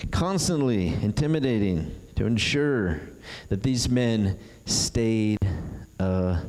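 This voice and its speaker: A man preaching a sermon, retelling a story with animated delivery and acting out the characters' voices. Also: lowish voice, slow. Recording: long hall reverb.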